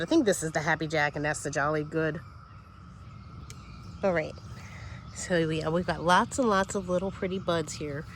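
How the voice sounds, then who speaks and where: Outdoors in her vegetable garden, a woman gives a casual tour, chatty and easily distracted, sniffling a little as she talks. Her pitch is medium, with slight background noise.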